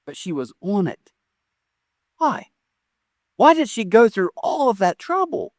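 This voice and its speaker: A man in his forties, a pastor, preaching a sermon with lively storytelling that swings between raised, excited phrases and quiet, soft endings. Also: high voice, moderate pace, long pauses, no echo, studio quality. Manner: animated storytelling with sudden rises and soft drops. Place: church stage.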